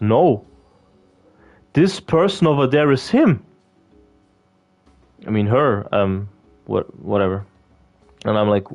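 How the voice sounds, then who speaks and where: A man of middle pitch talks off the cuff while he plays. He rambles, swears freely and often breaks off mid-sentence to restart. Soft game music runs faintly underneath. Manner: rambling, profane, lots of fillers and restarts. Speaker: gaming video creator. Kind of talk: casual gameplay commentary.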